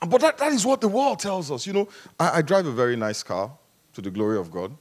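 Male pastor with a high voice, lively and humorous preaching that swings between hushed and loud. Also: fairly quick, breathy edge. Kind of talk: sermon. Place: church service.

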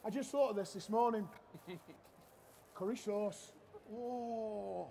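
A middle-aged man, a chef giving a live cooking demonstration on a trade show stage and joking loudly with the crowd and his helpers. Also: high voice, takes it slowly, vocal fry. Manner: cheeky, loud-mouthed joker. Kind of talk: live cooking demo with banter.

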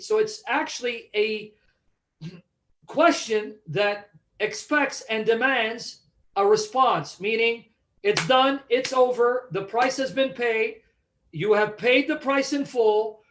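A man leads a Bible study in a fairly high voice. He is emphatic and keeps quizzing his listeners to make sure they follow. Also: slow, a bit bright. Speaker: Bible teacher.

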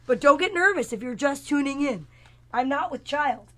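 She speaks at normal speed in an expressive, high-sitting, fairly bright voice. In her fifties and a comedian with her own show, she chats casually with viewers by name, rambling playfully and poking fun at herself during a comic live chat.

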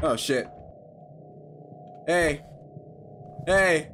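A man's voice: fairly high pitch, animated, moderate pace, pauses often. A young man chatting casually through a horror game, joking with nervous bravado. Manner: jokey, nervous bravado, shouts when startled. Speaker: gaming YouTuber. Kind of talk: casual let's-play commentary. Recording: music playing behind.

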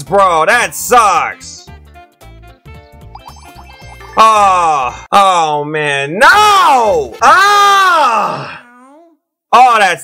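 A man giving excitable, slangy let's-play commentary to his viewers as a YouTube gamer. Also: sits high.

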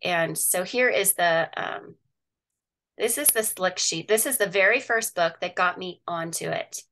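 A woman's voice: on the low side, measured pace, a bit bright. Chatty woman on a video call. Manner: chatty, sharing her screen, with frequent um and laughs. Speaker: guest, parent activist. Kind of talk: casual video call interview.

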